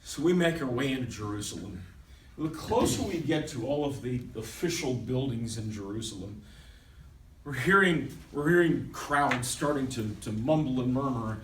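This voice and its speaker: A man performing a first-person dramatic monologue, swinging between loud urgency and hushed intensity. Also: mid-range voice, expressive, moderate pace, a little hiss or hum. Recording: echoey room, voice from a distance.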